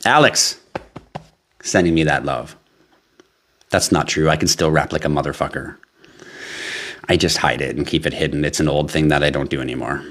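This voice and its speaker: A man's voice: rumbling low, moderate pace, pauses often, a bit bright. A man hosting a live crypto stream, chatting with viewers in a brash, joking, profane way and reading out their comments.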